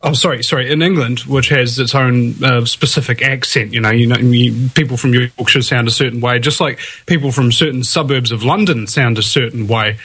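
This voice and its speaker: A man's voice: mid-range voice, moderate pace, few pauses, a bit bright, breathy edge. A man with a New Zealand accent, a guest on a call-in show, telling a rambling tall tale with a straight face. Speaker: guest radio host. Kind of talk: casual call-in chat.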